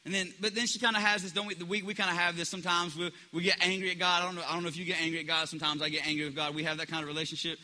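Man, pastor, sermon, high bright voice, casual preaching with restarts, acts out quotes, long hall reverb. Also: flat delivery, very fast, hardly any pauses.

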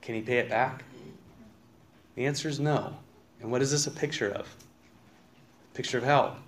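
A pastor with a mid-range voice, speaking at a moderate pace, delivers a conversational sermon in a church sanctuary. He reads scripture out loud and asks the congregation questions.

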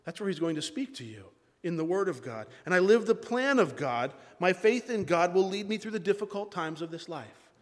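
A man's voice: high-pitched, lively intonation, moderate pace. A man preaching a sermon as pastor, emphatic and repeating key phrases. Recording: long hall reverb.

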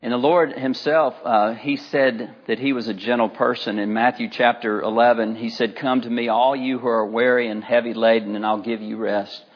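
Middle-aged male pastor, mid-pitched, easygoing storytelling sermon delivery, slightly muffled recording. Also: fairly even intonation, normal speed, hardly any pauses. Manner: conversational, anecdotal, with frequent fillers.

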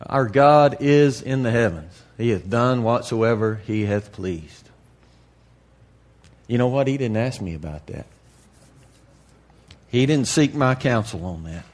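A man preaching to a congregation in a candid, folksy way, dropping to a hush and then rising to loud emphasis. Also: mid-range voice, expressive, unhurried, long pauses. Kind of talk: sermon.

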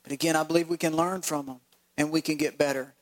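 A male pastor preaching a sermon, animated and acting out voices with laughs. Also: on the high side, fast, low-quality recording.

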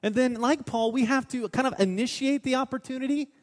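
A man preaching a sermon as pastor, telling stories and moving between loud urging and hushed asides. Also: extremely high pitch, fairly quick, long reverb tail.

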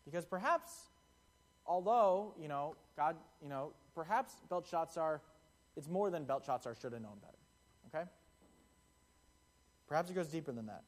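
Young male preacher, slightly higher voice, relaxed chatty sermon delivery. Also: moderate pace, pauses often. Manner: conversational, acts out quotes in the parable. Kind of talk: casual sermon.

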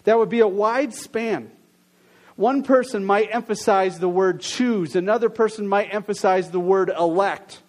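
High-voiced earnest pastor. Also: male voice, measured pace. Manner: earnest, questioning, drops softer in prayer. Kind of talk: sermon with opening prayer.

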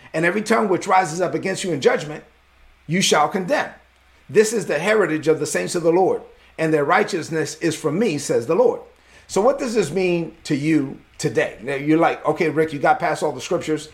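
A man's voice: a little high, brisk. A man preaching a sermon as pastor, emphatic and repetitive as he reads and explains scripture.

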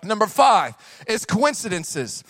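Pastor, young man, high voice, dry close sound, animated sermon with slangy asides. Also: slow, dry recording. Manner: animated preaching, swings between hushed asides and shouted emphasis; casual slang asides to congregation.

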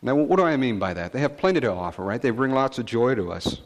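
A male pastor preaching a conversational sermon, telling stories in a relaxed way with frequent fillers and asides. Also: mid-range voice, fast talker, in a large hall.

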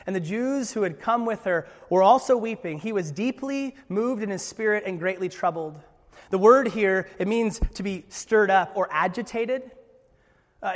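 Man preaching in a church hall, high-pitched, earnest, swings loud to soft, echo of a big room. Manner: earnest, jokey asides, swings from loud to hushed. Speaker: pastor. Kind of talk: sermon.

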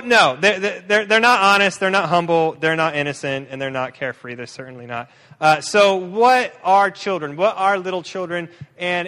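A man giving a sermon as a guest preacher, lively and humorous, often restarting his sentences. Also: high voice. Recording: long reverb of a large hall.

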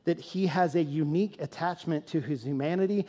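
High-voiced male pastor in a reverberant hall. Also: brisk. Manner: conversational, animated storytelling that turns to earnest, quieter teaching. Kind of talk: storytelling sermon.

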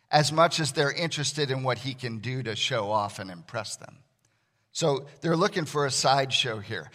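A man preaching a sermon as a pastor, conversational and animated, acting out the voices he quotes. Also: medium pitch.

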